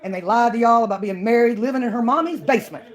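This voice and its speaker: A woman's voice: fairly high pitch, quick pace. A woman from Mississippi, ranting on her own channel in a combative, mocking way. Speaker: channel owner. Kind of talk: ranting call-out vlog.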